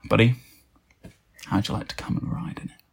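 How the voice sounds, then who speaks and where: A man's voice: brisk, lightly acted. A man voicing a friendly man running a tractor demonstration, hearty and welcoming.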